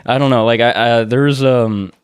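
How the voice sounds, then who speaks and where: A man's voice: medium pitch, fairly even intonation, normal speed, smooth, no echo, clean studio sound. A man hosting a podcast in casual chat, loose and rambling, laughing often. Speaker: podcast host.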